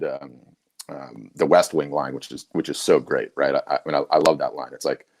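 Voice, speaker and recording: A middle-aged man with a very low voice co-hosts a casual webinar. He tells stories animatedly and keeps restarting his sentences. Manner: animated storyteller, many restarts. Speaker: co-host.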